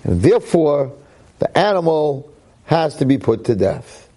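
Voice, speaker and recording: Brief: male rabbi lecturing on scripture, lively voice that swoops from low asides up to near-shouts. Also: a little slow, husky. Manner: excitable, swings from low asides to high, near-shouted exclamations; peppers speech with Hebrew terms and "right?". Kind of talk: Torah lecture.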